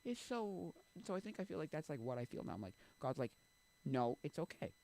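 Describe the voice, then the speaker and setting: A man's voice: a little high, sing-song, quick pace, vocal fry, a little mellow. A young man live streaming, rambling in casual chat with many restarts and trailing thoughts.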